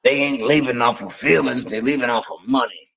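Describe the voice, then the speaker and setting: Man, husky voice, blunt, dismissive, casual banter. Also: medium pitch, a little fast, fairly bright tone, rough recording.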